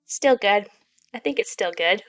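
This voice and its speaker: A woman's voice: mid-range voice, expressive, unhurried, a bit bright. A woman hosting a gaming channel, making chatty, giggly asides while she plays through a story game. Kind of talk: casual gameplay commentary.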